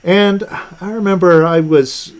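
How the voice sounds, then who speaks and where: A man hosting a live online teaching session, talking in a relaxed, conversational way with fillers and restarts. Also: high voice, a little slow. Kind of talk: casual teaching talk on a video call. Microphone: video call.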